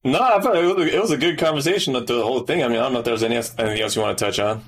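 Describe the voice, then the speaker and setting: A man talking casually on a podcast. He hesitates and restarts his sentences often, at a middle pitch. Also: racing. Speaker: podcast co-host. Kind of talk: casual chat.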